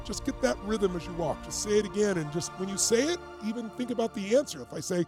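A man's voice: high-pitched, fast talker, hardly any pauses, music in the background. A man as a motivational coach, leading a live group exercise with urgent, commanding, repeated cues.

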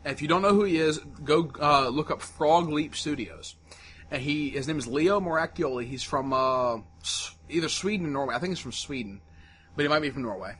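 A man co-hosts a casual podcast, telling stories in an animated, chatty way. His voice is bright and sits a little high. Faint background noise hums under the recording. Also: brisk. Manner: chatty, animated storyteller, laughs often. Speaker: podcast co-host. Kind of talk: casual chat.

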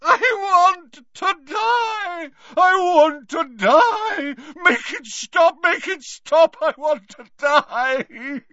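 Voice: very high-pitched, expressive, very slow, hardly any pauses, sharp tone, no room sound, highs cut off, voice pushed up, exaggerated voice. A reader voicing an old male wizard in agony, wailing, sobbing and begging in an audiobook. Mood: screaming. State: crying out in torment. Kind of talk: audiobook character voice.

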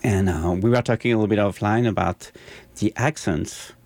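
A man's voice: lowish voice, normal speed, a little mellow, no room sound. A man hosting a community radio show, asking questions in a hesitant, easygoing way. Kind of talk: casual radio interview.

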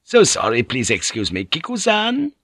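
A man's voice: medium pitch, wildly swooping pitch, normal speed, fairly bright tone, breathy edge, dry recording, clean studio sound, voice pushed up, heavily acted. A man voicing a shrewd, earthy teahouse madam. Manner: knowing, chuckling. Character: shrewd, earthy older woman running a teahouse.

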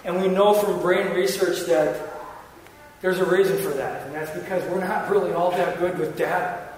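A pastor delivers a sermon in a high, fairly steady voice at a moderate pace, hammering his points through repetition and tossing self-deprecating jokes to the congregation. He's recorded from a distance in an echoey church sanctuary with faint background noise.

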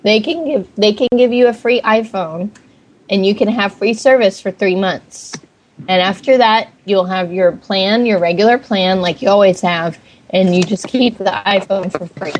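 A woman's voice: medium pitch, normal speed. A woman making a prank phone call as a phone company rep, brash, abrupt and profane.

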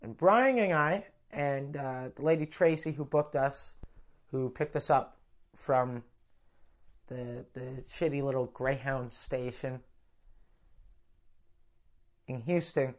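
A man's voice: mid-range voice, slow, pauses often. A Canadian comedian rambles through a travel mishap story, swearing freely and stopping himself mid-sentence. He talks in a loose, conversational way, as if chatting with friends. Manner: rambling, profane, self-interrupting. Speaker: comedian telling a road story. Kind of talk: casual storytelling podcast.

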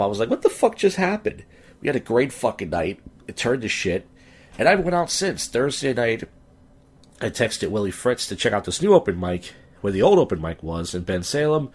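Drunk guy in his 30s doing a podcast, low husky voice, swears a lot and rambles, yells when he gets worked up. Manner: profane, rambling storytelling, voice jumps up when ranting. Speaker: podcast host and stand-up comic. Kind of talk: casual rambling podcast monologue.

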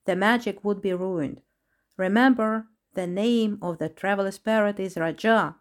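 A woman voicing an excitable, talkative male parrot in a storybook, exclaiming brightly. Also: mid-range voice, unhurried, lightly acted. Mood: excited. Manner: lively, exclaiming. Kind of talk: storybook reading.

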